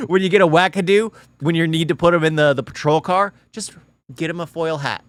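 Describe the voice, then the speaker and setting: A man's voice: on the high side, fairly quick, clear, resonant tone, no room sound. A man hosting a reaction video and commenting on a clip in a sarcastic, exasperated way. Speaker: reaction channel host.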